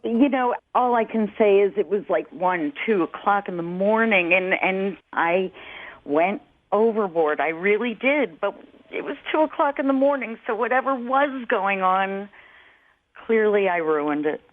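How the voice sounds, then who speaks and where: A sheepish, flustered woman in her forties phones in to a radio chat show, and her voice comes through a thin, tinny phone line. She talks in an ordinary middle register, hesitant and apologetic, then turns lively when she recounts events. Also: mid-range voice, a little slow. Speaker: caller.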